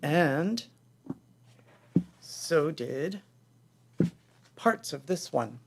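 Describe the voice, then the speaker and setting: A man's voice: fairly high pitch, expressive, drawn-out words, creaky. A middle-aged man telling the story of his band in a casual livestream, candid and rambling, acting out what others said. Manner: candid, rambling, acts out quoted voices.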